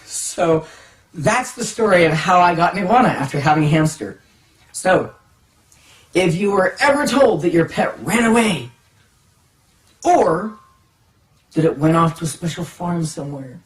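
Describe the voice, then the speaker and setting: A lively storyteller recounts a comic childhood tale, dropping to hushed tones and then bursting into excited highs. The voice moves a lot in pitch. It sounds roomy and a little distant from the mic. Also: normal speed, pauses often. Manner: animated, dramatic swings from hushed to excited. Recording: echoey room, distant mic, faint music.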